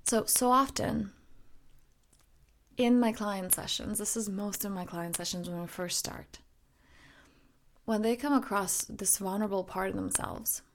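A woman in her thirties hosting her own podcast, talking reflectively and softly, often dropping close to a whisper. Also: mid-range voice, unhurried, pauses often. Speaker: podcast host and coach. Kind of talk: reflective solo podcast talk.

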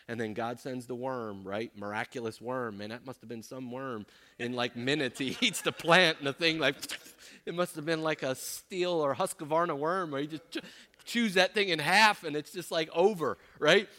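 A man leading an interactive Bible class, animated and acting out people's complaints in voices. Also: medium pitch, moderate pace. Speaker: pastor teaching a class.

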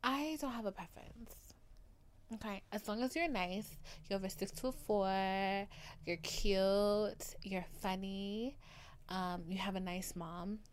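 Overdramatic, tired young woman podcast host. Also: medium pitch. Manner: overdramatic, playful and rambling. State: tired and loopy. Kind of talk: casual chat.

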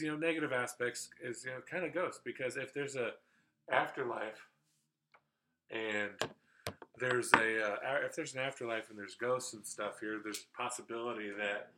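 A man co-hosting a podcast, telling stories in casual chat, rambling and animated, with many fillers and swear words. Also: medium pitch, low-quality recording. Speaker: podcast co-host.

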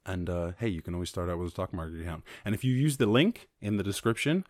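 A man's voice: deep voice, quick pace, darkish tone, no echo, studio quality. A man hosting his own show, freestyling raps full of swearing, then chatting loosely and laughing at himself. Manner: profane, rambling, laughs at himself. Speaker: show host. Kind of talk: freestyle rapping and casual outro chat. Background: beat music playing.

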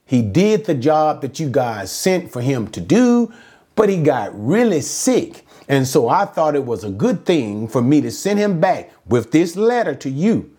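A man's voice: fairly high pitch, very animated, measured pace, dark tone. A middle-aged man who pastors a church, preaching a conversational sermon with asides to his listeners. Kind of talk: sermon teaching.

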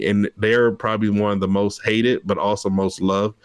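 A man co-hosting a casual gaming podcast, talking in an excitable, rambling way. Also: fairly low pitch, moderate pace, clear, resonant tone, no room sound. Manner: excitable, rambling gamer talk. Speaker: podcast co-host. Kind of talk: casual chat.

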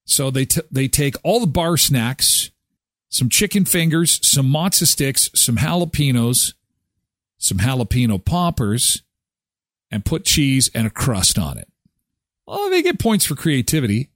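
A man's voice: medium pitch, measured pace, dry recording, clean studio sound. A man hosting a live daily show in casual chat, reacting with exclamations and jokes. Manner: animated, exclaiming and joking.

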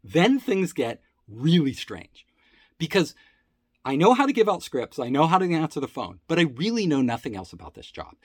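Animated husky man telling a story. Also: on the high side, moderate pace, dry recording, studio quality. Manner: animated, acts out quoted voices, laughs often. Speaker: storyteller recounting his career. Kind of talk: casual personal storytelling.

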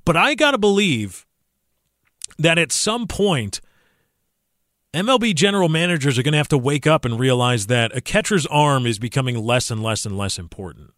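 A young adult man hosting a casual sports podcast, animated, sometimes slipping into mock commentator voices. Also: mid-range voice, moderate pace, no echo, clean studio sound. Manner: animated, mimics commentators in a raised voice. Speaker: podcast host.

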